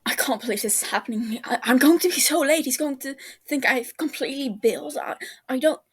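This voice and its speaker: A woman's voice: high voice, animated, a little fast, breathy edge, pitched above the performer's own voice. Woman voicing a stammering, panicky young man. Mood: frantic. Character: flustered young man rushing for a date.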